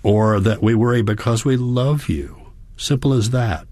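A man's voice: medium pitch, measured pace, mellow, no room sound, pitched above the performer's own voice, lightly acted. A man reading the part of an anxious, caring young granddaughter, speaking earnestly. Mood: firm. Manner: earnest, worried pleading.

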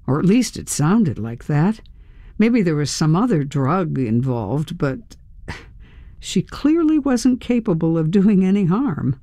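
Slow, mellow first-person audiobook narrator. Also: mid-range voice, sing-song, no room sound, studio quality.

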